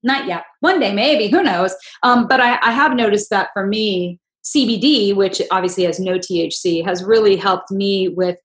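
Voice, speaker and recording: She hosts a podcast, speaking at normal speed with a medium pitch and few pauses, animatedly narrating stories and dramatizing what others said in casual conversation. The audio is poor and reverberant.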